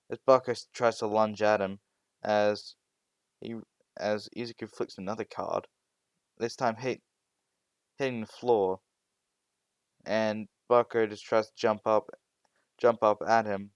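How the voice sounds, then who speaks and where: A man's voice: lowish voice, fairly even intonation, measured pace, long pauses, clear, resonant tone, dry recording, studio quality. Man rambling through an improvised fan story. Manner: rambling, frequent restarts and "well". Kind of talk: improvised fan-fiction narration.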